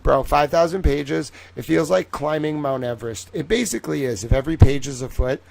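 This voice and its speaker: A man's voice: a little high, fairly quick, vocal fry, darkish tone. A tired young man hosting a late-night live stream, rambling playfully and chatting with viewers by name.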